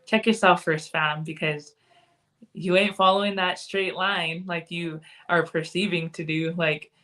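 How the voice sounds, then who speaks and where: A woman's voice: fairly low pitch, little pitch movement, measured pace, pushed and bright. A woman talking as a podcast guest in a loose, conversational way. She is candid and frank, and she lets a cuss word slip in here and there. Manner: candid, frank, occasionally cussing. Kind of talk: casual conversation.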